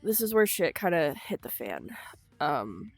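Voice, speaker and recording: A young woman telling her own story in an unscripted vlog, halting and emotional, with frequent swearing. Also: sits low, sing-song, slightly rough, no echo, faint music behind. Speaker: vlogger.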